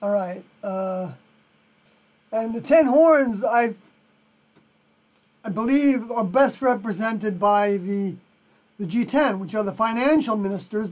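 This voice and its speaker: A live stream host with a New York accent, thinking aloud through scripture commentary and often trailing off softly. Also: medium pitch.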